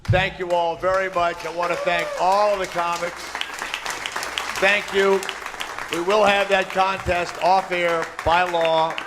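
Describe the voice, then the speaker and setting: A man's voice: high voice, little pitch movement. A male show host joking with the audience and signing off a live broadcast. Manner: joking, brisk thank-yous to the crowd. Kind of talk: live radio show sign-off. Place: live comedy venue with audience. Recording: crowd noise over live show audio.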